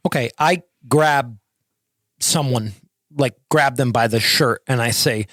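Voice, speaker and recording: A man's voice: medium pitch, slow, a bit bright, no echo, studio quality. A man playing a tabletop game, asking questions and stating his moves. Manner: questioning, casual. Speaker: player.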